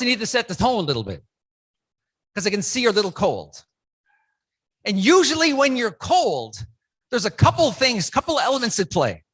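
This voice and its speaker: Animated keynote speaker hyping up a conference crowd, bright voice, big shouts, counts everyone in. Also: medium pitch. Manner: energetic, leads the crowd in call-and-response and counts; breaks into loud shouts to rouse the audience. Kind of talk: motivational speech with audience participation. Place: conference room with a live audience.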